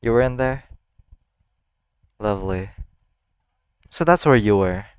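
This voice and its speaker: A man reacting to an anime, his pitch swinging widely as he blurts out startled curses. His voice is smooth and clear. It is recorded close and dry with no room sound. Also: lively intonation, takes it slowly, no room sound. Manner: blurts out startled swearing and exclamations. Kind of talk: casual reaction commentary.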